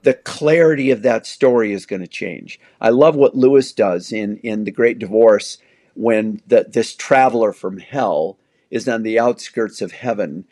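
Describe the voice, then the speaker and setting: A man's voice: fairly low pitch, a little mellow, no echo. Older man, reflective storyteller. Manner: reflective, measured storyteller with frequent "uh" pauses. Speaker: guest theologian. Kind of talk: conversational interview.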